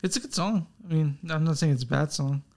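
A man's voice: on the high side, a little fast, gravelly, darkish tone. Rambling, swearing young man. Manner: rambling, swearing, self-deprecating. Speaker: podcast co-host. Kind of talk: casual chat.

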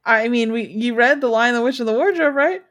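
A woman's voice: on the high side, brisk, a bit bright. A young woman hosts a casual book podcast. She talks bluntly with a wry edge and reads passages aloud. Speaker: podcast host.

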